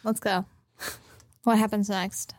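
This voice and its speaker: A woman's voice: mid-range voice, little pitch movement, takes it slowly, a little mellow. A young woman co-hosting a podcast, stubbornly contradicting her friend in a dry, teasing tone. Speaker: podcast co-host. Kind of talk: casual chat.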